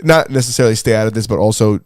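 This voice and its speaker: A man co-hosting a podcast, chatty and quick to crack up, in casual banter. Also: fairly low pitch, a little mellow, no echo, clean studio sound. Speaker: podcast co-host.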